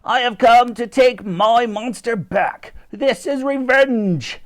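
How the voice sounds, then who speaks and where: A man's voice: very high-pitched, slow pace, pitched above the performer's own voice. A man voicing a vengeful old male professor who taunts his enemies in a storybook reading. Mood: gloating.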